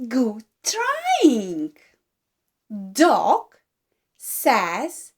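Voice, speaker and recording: A woman teaching babies to talk, speaking gently and slowly in single drawn-out words, with exaggerated animal sounds to copy. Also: high voice, wildly swooping pitch. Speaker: baby speech teacher. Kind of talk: slow modelled speech for babies.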